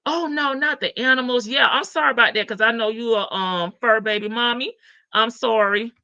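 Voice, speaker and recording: Slow, bright-voiced Southern woman. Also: on the high side, vocal fry, dry recording. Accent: Southern American. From Southern United States. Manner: folksy, laughing, calls listeners baby and child. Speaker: livestream host. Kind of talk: casual gossip chat with viewers. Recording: dull lo-fi stream audio, dry.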